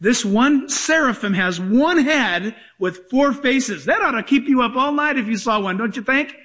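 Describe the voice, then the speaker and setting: A man's voice: very high voice, expressive, normal speed, pushed and bright. A male pastor preaching a sermon to a congregation, emphatic and joking with the room.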